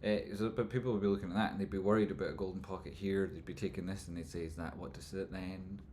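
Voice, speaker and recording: Male streamer, low voice, rambling chat host, mumbles then loud jokey bursts, faint hum behind. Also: steady tone, fast. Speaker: livestream host answering chat. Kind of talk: casual live chat, stock chart commentary.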